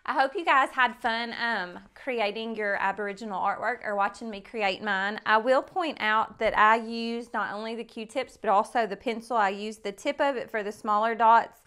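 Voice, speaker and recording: A woman's voice: on the high side, moderate pace, hardly any pauses, a bit bright, clear, resonant tone. A woman art teacher giving a casual step-by-step tutorial in her studio, talking loosely with lots of "um" and "like". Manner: casual, friendly, many fillers like "um" and "like".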